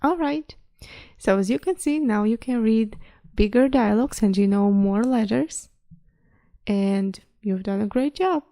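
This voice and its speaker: A woman teaching a language lesson online, patiently pausing so the listener can repeat. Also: fairly high pitch, mellow.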